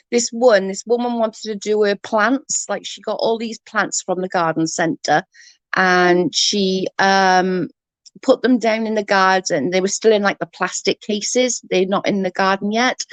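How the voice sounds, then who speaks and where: A woman's voice: mid-range voice, dry recording. A woman chatting casually on a livestream, rambling and swearing freely while answering comments. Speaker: livestream host.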